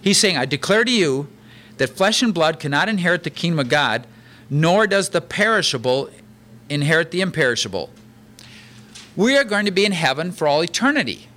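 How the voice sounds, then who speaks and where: A male pastor delivers a sermon with animated, conversational energy. His voice is slightly high and strikingly bright, with a ringing edge. He reads verses and breaks them down with everyday examples. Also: a little fast.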